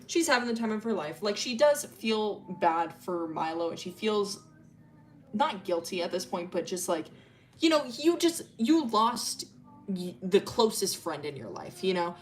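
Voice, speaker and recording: A woman's voice: mid-range voice, big pitch swings, measured pace, a little hiss or hum. Rambling, profane woman streamer. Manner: rambling, profane, slangy retelling with many fillers. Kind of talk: casual lore storytelling on stream.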